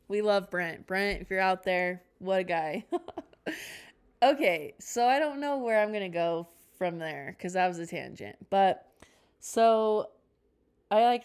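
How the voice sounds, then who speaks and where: A young woman with a fairly low, clear, resonant voice hosts a podcast storytime, wandering off on tangents and mocking herself along the way in a casual chat.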